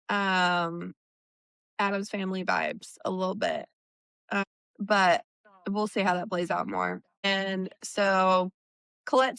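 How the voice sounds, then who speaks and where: A woman co-hosting a book discussion podcast, recapping chapters in an unhurried way with plenty of fillers. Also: medium pitch, a bit bright, clean tone, dry recording. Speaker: podcast co-host.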